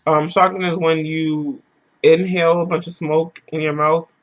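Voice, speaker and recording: A man's voice: fairly high pitch, flat delivery, moderate pace, a bit bright, lo-fi sound. A man telling a story in a casual vlog, loose and slangy, rambling as he goes.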